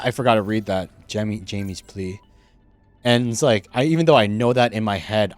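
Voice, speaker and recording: A man streaming a game, chatting casually and rambling with lots of fillers and restarts, sometimes talking while chewing food, into a streaming microphone. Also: medium pitch. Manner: laughs easily, gets excited at game moments.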